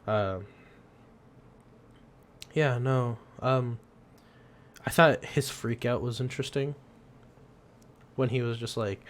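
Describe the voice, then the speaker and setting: A man's voice: medium pitch, takes it slowly, pauses often. A young man co-hosting a podcast, chatting casually, rambling with frequent laughs and the odd swear. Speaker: podcast co-host. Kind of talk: casual chat.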